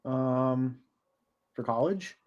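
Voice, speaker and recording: A man's voice: medium pitch, drawn-out words, highs cut off, a little hiss or hum. A man co-hosting a casual sports podcast, joking around and rambling with fillers. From United States.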